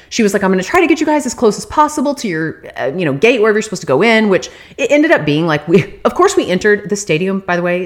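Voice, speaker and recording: A young woman telling a long casual story, chatty and animated, full of "like" fillers and casual swearing, climbing high and loud when she rants.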